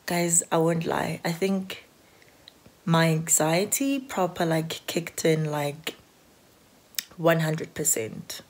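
A woman's voice: low voice, fairly even intonation, slow. A South African woman chatting casually to her phone camera at home, rambling and anxious, with lots of filler words. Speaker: vlogger. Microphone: handheld phone.

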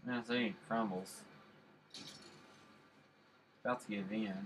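Bright-voiced goofy gaming commentator. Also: male voice, fairly low pitch, fairly even intonation, slow pace, a little hiss or hum, low-quality recording. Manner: goofy, rambling, repeats silly catchphrases. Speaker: gamer. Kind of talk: casual let's play commentary.

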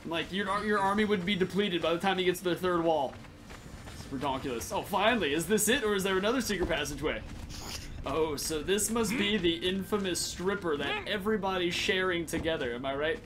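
A man giving joking, excitable commentary while he plays a game late at night and laughs often. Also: high voice, fairly quick, background noise. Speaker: gaming channel host. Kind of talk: casual gameplay commentary.

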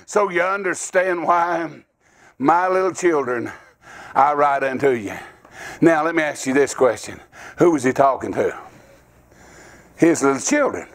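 Man, revival preacher, gravelly voice, high pitch, folksy and rambling, breaks into shouts. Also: lively intonation, measured pace, long pauses. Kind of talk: revival sermon. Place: church sanctuary.

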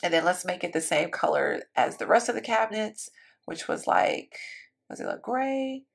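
Creaky-voiced woman chatting through a game. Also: fairly low pitch, sing-song, normal speed. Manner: chatty, thinks aloud, says "y'all". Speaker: Sims building YouTuber. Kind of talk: casual gameplay commentary.

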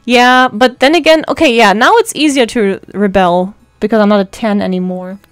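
A woman's voice: mid-range voice, normal speed, smooth, dry recording. Chatty woman streaming a game. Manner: chatty, reads card text aloud, laughs often. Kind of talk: casual game commentary reading dialogue aloud. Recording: faint music behind.

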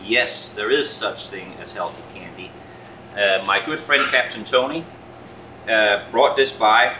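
A man who is a restaurant chef, talking casually to camera about a snack, with many pauses. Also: on the low side, echoey room, distant mic, background noise. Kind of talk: casual food promo to camera.

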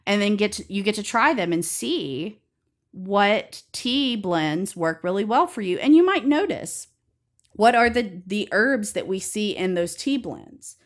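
A woman's voice: mid-range voice, a little slow. Southern-accented woman explaining herbal teas. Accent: Southern US (Alabama). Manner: relaxed, chatty, laughs easily, says y'all. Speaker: herbalist guest. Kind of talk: conversational explanation.

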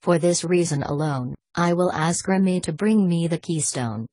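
A woman's voice: on the low side, normal speed, dark tone, husky, no echo. A woman doing a commanding mastermind with a French accent. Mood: hushed threat.

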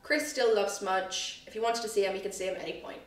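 A woman's voice: mid-range voice, steady tone, fast. A young woman hosting a casual chat, teasing and laughing often. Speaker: host. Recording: roomy echo, distant mic.

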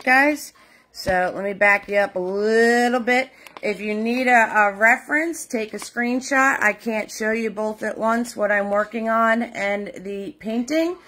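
A woman's voice: fairly high pitch, fairly bright tone. Chatty New woman hosting a live stream. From New Jersey. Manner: chatty, greets viewers by name, frequent fillers. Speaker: live painting class host. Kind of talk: casual live-stream chat.

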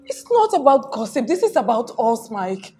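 A lovesick young colleague. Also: female voice, a little high, sing-song, normal speed, warm tone, breathy edge. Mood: pleading. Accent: Nigerian. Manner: pleading, earnest. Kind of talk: Nollywood film acting.

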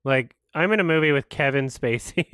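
A man talking casually as he reacts to a clip, laughing and swearing freely. His voice is bright and lively, leaping up in pitch when something amuses him. It sounds dry and close to the mic. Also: normal speed, smooth, no room sound. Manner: laughs often, swears, bursts into loud excited exclamations. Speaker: reaction video host.

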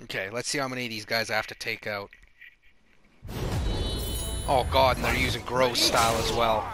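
A man casually commentating a fighting game, hoarse and excitable, with loud exclamations. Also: mid-range voice, moderate pace. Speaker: gaming commentator. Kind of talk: casual let's play commentary. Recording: commentary over game music.

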